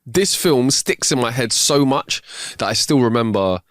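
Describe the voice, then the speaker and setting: A man's voice: mid-range voice, expressive, moderate pace, fairly bright tone, dry recording, clean studio sound. A young man co-hosting a podcast in casual chat, rambling with enthusiasm and laughing often. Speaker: podcast co-host.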